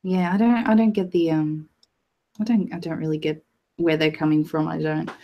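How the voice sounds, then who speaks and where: A woman's voice: low-pitched, steady tone, normal speed, dull audio. A woman chatting casually on a live stream, often backchanneling and swearing lightly. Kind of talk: casual chat.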